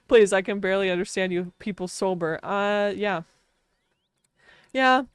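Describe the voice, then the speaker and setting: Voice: medium pitch, normal speed, pauses often, smooth. Chatty streamer, strong Wisconsin accent. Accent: Wisconsin Midwestern. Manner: chatty, giggly, playfully self-mocking. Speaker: game streamer. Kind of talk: casual chat while streaming a game.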